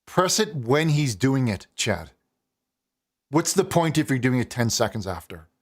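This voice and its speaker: A man's voice: medium pitch, very animated, unhurried, a little hiss or hum. A man hosting a live call-in talk show, chatting casually and prompting his caller with questions. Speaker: talk show host, pastor.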